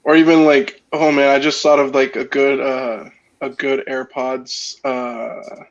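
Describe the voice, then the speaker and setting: A man co-hosting a casual podcast, excitable and laughing at his own ideas. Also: medium pitch, measured pace. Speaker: podcast co-host. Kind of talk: casual chat. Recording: dull lo-fi sound.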